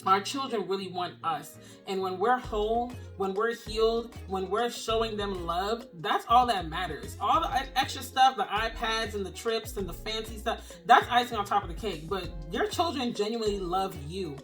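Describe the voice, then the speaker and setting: A woman's voice: medium pitch, moderate pace, hardly any pauses, fairly bright tone, faint music behind. A young woman, speaking earnestly and emotionally to camera as a single-mom vlogger, using casual phrasing. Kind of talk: heartfelt encouraging talk to camera.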